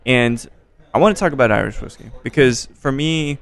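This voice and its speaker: Gravelly American man, wry chat. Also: mid-range voice, lively intonation, normal speed. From American Midwest. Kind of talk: casual chat. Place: bar by a window.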